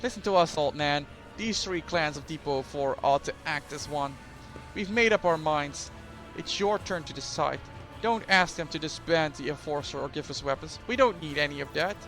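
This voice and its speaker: A man voicing a blunt lower-deck clan leader in a game, speaking firmly. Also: moderate pace, hardly any pauses, fairly bright tone, soft background music. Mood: insistent.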